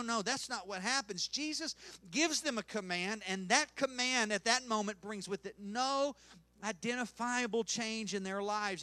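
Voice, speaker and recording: A man's voice: high-pitched, sharp tone, dry recording. A male pastor preaching a sermon with emphatic, swelling delivery, acting out quoted prayers and speech.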